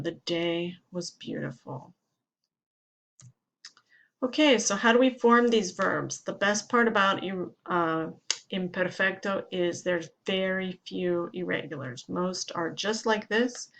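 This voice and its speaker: Woman, Spanish teacher, grammar lesson, steady explanations, example then translation. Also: medium pitch.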